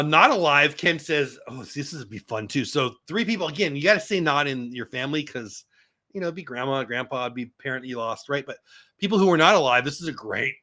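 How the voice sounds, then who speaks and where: A man in his fifties talking casually to viewers on a live stream, answering comments as they come in. His voice sits a little high for a man, with a bright, forward edge and a lively pitch that swings widely when something excites him. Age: 50s. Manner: animated, excitable, talks back to chat. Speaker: vlogger hosting a live stream.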